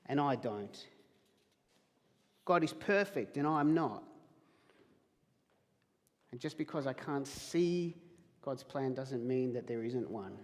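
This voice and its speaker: A man's voice: on the high side, big-room sound. A man preaching a sermon as pastor, emphatic, acting out quoted questions. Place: church hall.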